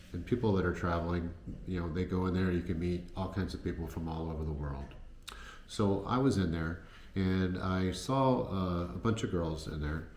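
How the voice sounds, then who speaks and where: A man casually telling travel stories to the camera, rambling with many fillers and restarts. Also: low voice. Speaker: travel vlogger. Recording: echoey room with faint noise.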